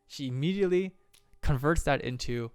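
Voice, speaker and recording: A man's voice: a little high, normal speed, darkish tone, clear, resonant tone, no room sound. A man casually breaking down animation on a stream, enthusiastic with playful exclamations.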